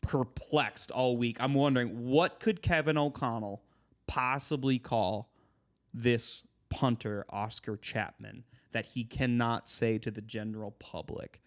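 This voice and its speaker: A young man hosts a sports podcast and keeps the talk moving with animated energy. His voice stays at an ordinary middle pitch, and he sounds upbeat and engaged. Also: unhurried. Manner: animated, running the segment. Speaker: podcast host. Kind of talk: casual sports chat.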